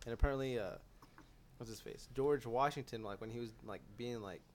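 A man's voice: mid-range voice, fairly quick, slight background noise. A young man chatting casually on a podcast, rambling with lots of filler, swearing and laughing as he tells a story. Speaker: podcast co-host.

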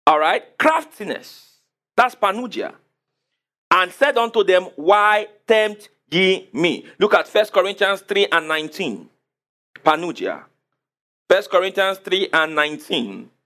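A pastor preaches with a high, lively voice that swings widely in pitch. He keeps asking the congregation to answer him. He slows down to repeat and spell out important words. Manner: emphatic preaching with call-and-response questions. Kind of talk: sermon.

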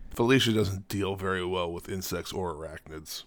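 A man co-hosting a casual chat, teasing in a dry, deadpan way. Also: sits low, moderate pace, no room sound. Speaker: podcast co-host.

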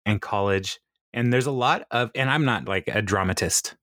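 A man's voice: fairly low pitch, normal speed, no echo, studio quality. Man laughing through a show recap. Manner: laughs often, animated retelling. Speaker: podcast co-host. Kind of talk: casual chat recapping a TV episode.

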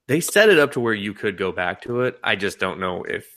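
A young man co-hosting a podcast in casual chat, rambling and animated, laughing often and swearing freely. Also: fairly low pitch, moderate pace. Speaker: podcast co-host.

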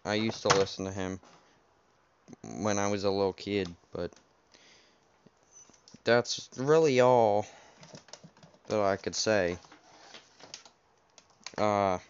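A man's voice: on the low side, takes it slowly, long pauses, smooth. A young man hosting a casual first podcast, rambling and unsure, with lots of fillers, at home by his game console. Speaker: podcast host. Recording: dull lo-fi home recording, faint keyboard noise.

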